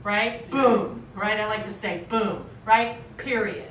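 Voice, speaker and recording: Recorded from afar by a camera in a reverberant room, this woman acting teacher leads a classroom drill in a mid-range, slightly bright voice. Her intonation stays fairly even and her pace measured, with a little background noise, as she keeps quizzing students and asking "right?".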